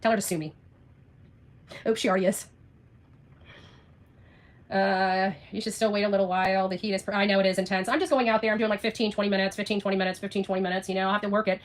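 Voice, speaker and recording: Fast, sharp-tongued ranting woman. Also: medium pitch, fairly even intonation. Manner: blunt, profane, sarcastic ranting. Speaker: vlogger. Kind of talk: ranting livestream vlog.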